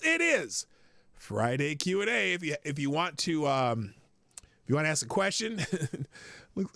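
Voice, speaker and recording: Man, casual host chat, swooping animated pitch, cursing and chuckling, small home studio. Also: gravelly, dry recording. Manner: rambling, profane, chuckling often. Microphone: headphones with desk mic.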